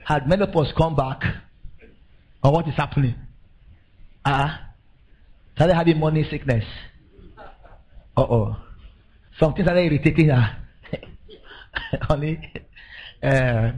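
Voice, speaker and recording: A man's voice: mid-range voice, breathy edge, rough recording. An older man with a Nigerian accent preaching a sermon, telling stories with laughter and building to emphatic declarations. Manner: animated storytelling, laughing, rising to emphatic declarations. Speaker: pastor.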